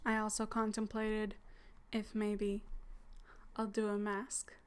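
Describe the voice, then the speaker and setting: A woman hosting a casual livestream chat as a hypnosis content creator, soft and teasing, often dropping into a whisper. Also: medium pitch, monotone, slow pace, clear, resonant tone.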